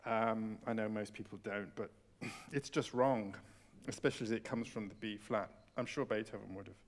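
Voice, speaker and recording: A man leading a piano masterclass on a concert hall stage, coaching a student with expressive enthusiasm. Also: lowish voice, normal speed. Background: piano playing.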